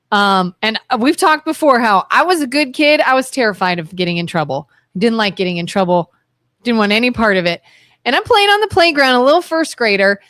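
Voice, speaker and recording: A woman co-hosting a live call-in talk show, with a fairly high voice that jumps all over as she tells her stories. She acts out the people in them. The sound is dry and close, with no room echo. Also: fairly bright tone. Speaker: co-host. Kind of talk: casual talk-radio chat.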